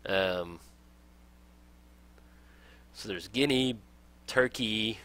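A man's voice: lowish voice, extremely slow, a bit bright. A young man casually talking through a strategy game as a let's play host, upbeat and enthusiastic, laughing often. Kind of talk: casual game tutorial commentary.

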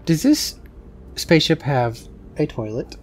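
A man co-hosting a casual game let's play, cracking dry, deadpan jokes. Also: a little high, measured pace, heavy background noise. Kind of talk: casual gaming chat.

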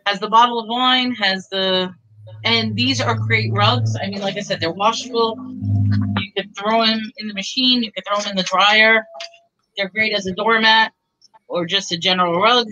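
A woman's voice: medium pitch, steady tone, normal speed, pushed and bright, dull audio. A woman selling items on a live online auction, chatty and bubbly as she pushes her bargains. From Texas. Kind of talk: live sales pitch.

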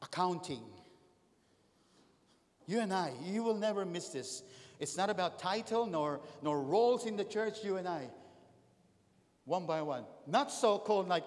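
A man preaches a sermon in a high, lively voice that leaps up and drops low. He keeps calling questions out to the congregation. The long reverb of a church hall trails after his words. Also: a little slow, pauses often. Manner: animated, calls out to the congregation with questions. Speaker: pastor.

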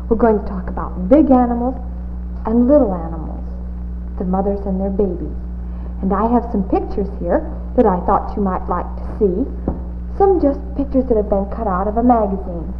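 A woman hosting a children's TV show, talking slowly and coaxingly to small children in a sing-song way, with many little questions. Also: medium pitch. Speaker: children's TV hostess. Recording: tinny, hissy 1950s TV audio.

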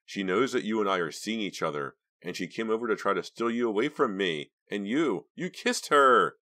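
A man's voice: lowish voice, brisk, fairly bright tone, voice pushed up, close to an everyday voice. A man voicing a jealous, fiery teenage girl who talks in an upset, accusing way.

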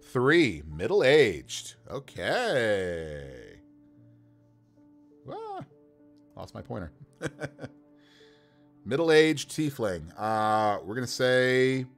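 A man chatting casually on a livestream as a game master, building characters by rolling dice, animated and laughing often. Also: medium pitch, extremely slow, pauses often, soft background music.

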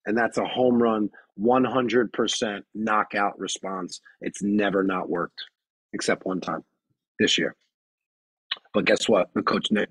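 Husky guy running a ref training webinar, firm and emphatic, dry close sound. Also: fairly low pitch, fairly bright tone, no room sound, rough recording. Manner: emphatic and firm, repeats key phrases. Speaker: basketball referee trainer. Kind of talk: webinar presentation.

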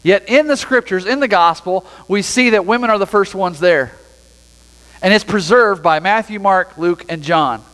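A man preaching a sermon as pastor, reading scripture aloud and then explaining it in a relaxed, conversational way. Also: high-pitched, normal speed, big-room sound, poor audio. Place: church sanctuary.

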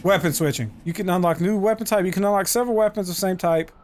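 A man giving casual, profane let's-play commentary, talking to himself and to the game and breaking into loud excited yells. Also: high-pitched, fast talker, soft background music. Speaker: gaming channel host.

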